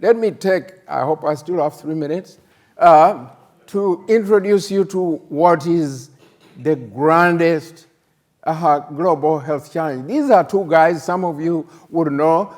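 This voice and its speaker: An older man from Uganda, a professor hosting a plenary session, speaking in a halting way with many fillers and emphatic rhetorical questions. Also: fairly high pitch, a little mellow. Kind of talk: conference plenary talk.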